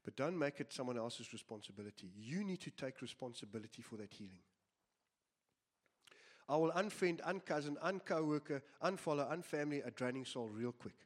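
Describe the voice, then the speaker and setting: A man's voice: medium pitch, lively intonation, a little fast. A man preaching a sermon, earnest and emphatic, often repeating his phrases. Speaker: pastor.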